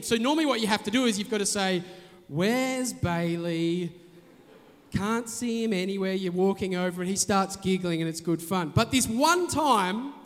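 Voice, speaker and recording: High-voiced pastor in a reverberant hall. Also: male voice. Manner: storytelling, animated, shouts names. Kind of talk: sermon.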